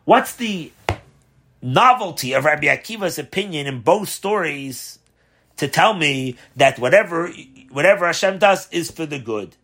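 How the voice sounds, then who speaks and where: A rabbi teaching a class on a religious text, posing questions and answering them in a conversational, animated way. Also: male voice, fairly high pitch, a little slow, breathy edge. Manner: asks rhetorical questions, animated emphasis. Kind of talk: Torah class explaining a text.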